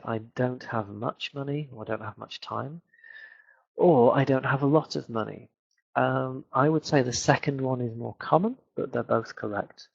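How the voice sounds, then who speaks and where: A man's voice: medium pitch, creaky, husky. A British man, a teacher answering questions in a webinar with many fillers and restarts. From Britain. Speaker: English teacher. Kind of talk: webinar Q&A lesson. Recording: dull lo-fi webinar audio.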